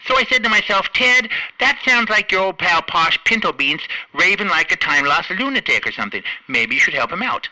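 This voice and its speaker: A man's voice: high voice, big pitch swings, brisk, few pauses, pushed and bright, voice pushed up, heavily acted. A man voicing a chatty, rambling hunchback janitor in a comedy radio sketch, stammering and folksy, heard from a distance.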